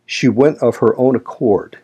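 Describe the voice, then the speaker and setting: A man voicing a grieving gentleman of the house who speaks in clipped, stern sentences. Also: mid-range voice, a little slow, slightly rough. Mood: cold.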